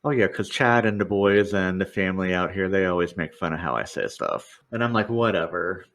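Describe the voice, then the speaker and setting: A man's voice: low voice, expressive, fairly quick, creaky, a bit bright. A man with a Pennsylvania accent co-hosting a podcast in casual chat, telling stories in a rambling, filler-heavy way. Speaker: podcast co-host.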